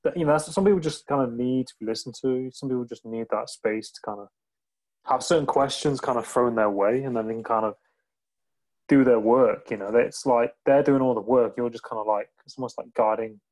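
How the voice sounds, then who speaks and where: A man's voice: medium pitch, fairly quick, darkish tone, rough recording. A man who hosts a podcast and also coaches, thinking aloud in loose phrases full of fillers. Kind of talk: casual interview conversation.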